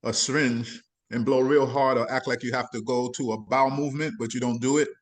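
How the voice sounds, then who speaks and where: A man's voice: mid-range voice, fairly even intonation, a little fast. A man talks in easy casual chat, hesitant and rambling. He keeps restarting his sentences as he asks his questions. His voice sits in an ordinary middle range. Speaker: caller asking about health.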